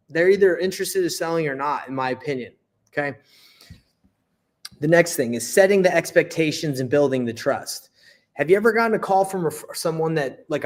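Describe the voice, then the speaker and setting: A young man teaching real estate wholesaling in a casual way, acting out phone call lines and often checking in with "right?". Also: fairly high pitch. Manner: conversational, acts out call dialogue, frequent "right?" and restarts. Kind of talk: casual teaching, reading through a call script.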